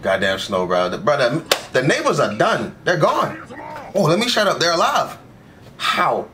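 A man's voice: a little high, big pitch swings, normal speed, loud music behind the voice. A young man giving casual, slang-filled commentary while reacting to an anime episode, talking back at the screen. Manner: slangy, talks back to the screen, says "bro" constantly.

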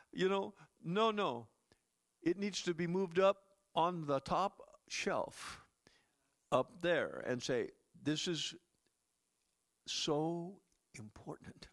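A man's voice: fairly high pitch, a bit bright. A man preaching a sermon as pastor, talking conversationally to the congregation with chuckles and asides.

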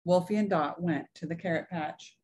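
A woman reading a picture book aloud to children, gently explaining words as she goes. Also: on the low side, moderate pace, a little hiss or hum. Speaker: story reader for children at church.

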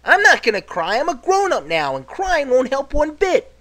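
A man's voice: very high-pitched, big pitch swings, normal speed, sharp tone, pitched above the performer's own voice, full character voice. A man voicing a proud, stubborn young girl in a video game who keeps insisting she is grown up.

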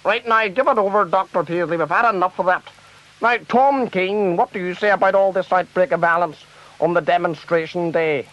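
A man's voice: sits high, fairly quick, a bit bright. A man playing a fussy, flustered TV debate presenter. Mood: scolding. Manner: fussy, scolding interviewer. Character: flustered middle-aged male TV debate presenter. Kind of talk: comic radio sketch. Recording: dull lo-fi tape.

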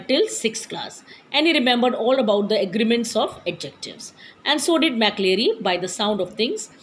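A woman's voice: mid-range voice, a little hiss or hum, rough recording. A woman who reads a story aloud as a teacher and explains each passage, switching into Hindi and hesitating often. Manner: many hesitations and restarts.

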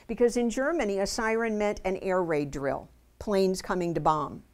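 A woman's voice: medium pitch, moderate pace. A woman speaking at a school visit, telling a true story to students in an earnest, vivid way and addressing them directly. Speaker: Holocaust education speaker. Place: school assembly room.

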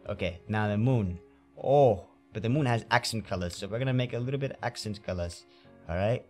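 With a mid-range, sing-song voice and a fairly quick pace, a man paints in a game and narrates to himself in theatrical let's play style. Game music sits faintly in the background.

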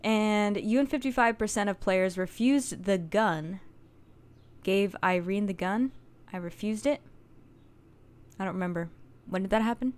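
A woman's voice: medium pitch, measured pace, pauses often, darkish tone, smooth. A young American woman hosting a casual let's play, chatty, jokey and swearing freely. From United States. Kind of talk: casual gameplay commentary.

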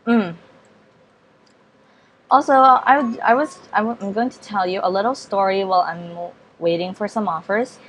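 A female gaming vlogger offers casual game commentary in a hesitant, rambling way, with lots of ums, restarts and self-corrections. She apologizes and repeats polite refusals. Her medium-pitched voice is fairly bright, comes at a normal speed, and has slight background noise behind it.

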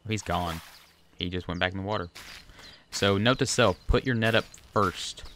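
A man's voice: low voice, normal speed, a bit bright, slight background noise. A man chatting casually and rambling through gameplay commentary at his home desk, talking to the fish on screen. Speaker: gaming video creator. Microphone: USB desk microphone.

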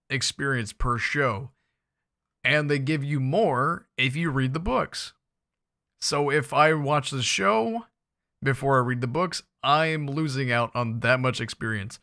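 A young gaming YouTuber offers casual, playful commentary as he plays a survival game, chatting with viewers and tossing in jokey asides. His medium-pitched voice sounds pushed and bright.

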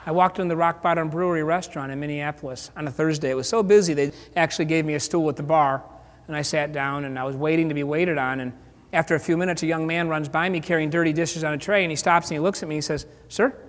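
Before a live audience in a large room, a male keynote speaker delivers a motivational talk, telling stories with theatrical energy and putting questions to the crowd. He talks fast, with a fairly high pitch and fairly even intonation.

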